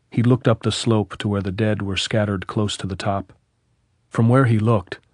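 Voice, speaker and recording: A man narrating a novel as an audiobook, reading in a measured, steady way. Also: on the low side, no room sound, studio quality.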